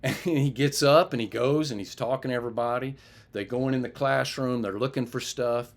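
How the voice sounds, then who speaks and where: A man telling a personal testimony as a preacher, lively in his retelling and sinking low and quiet when he recalls praying. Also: a little fast. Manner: animated retelling, raises his voice for others and drops low and quiet for prayer.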